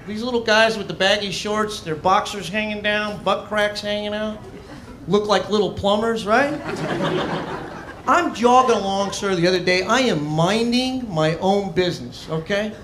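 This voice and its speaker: A man's voice: high-pitched, animated, moderate pace, fairly bright tone, slight background noise. A man from Arizona doing a stand-up comedy set on a club stage, with a brash, mocking, punchy delivery into a handheld mic. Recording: echoey club with audience laughter.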